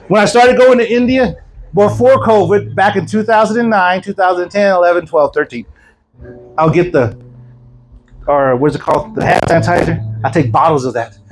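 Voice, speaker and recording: Evangelist, male, high-pitched, lively storyteller, faint music under the sermon. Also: rough recording. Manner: storytelling with laughs and quick acted asides. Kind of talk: preaching a testimony sermon.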